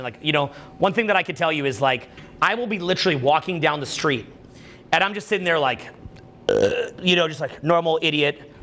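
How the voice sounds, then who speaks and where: Bright, rambling man coaching social skills. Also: on the high side. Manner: rambling, animated, repeats "like" and "right?". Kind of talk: casual motivational talk.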